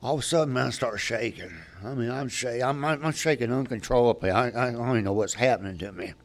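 Older man, recovery story, candid, rambling, many restarts, mid-range pitch. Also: fast. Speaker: speaker at a recovery meeting.

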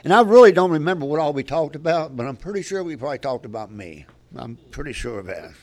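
A man's voice: fairly high pitch, very animated, fast. An older man telling his personal recovery story at a meeting, candid and rambling, often restarting his sentences.

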